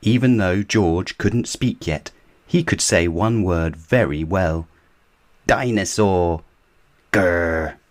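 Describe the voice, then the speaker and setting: A man reading a children's storybook aloud as narrator, in a measured, even way. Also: low-pitched.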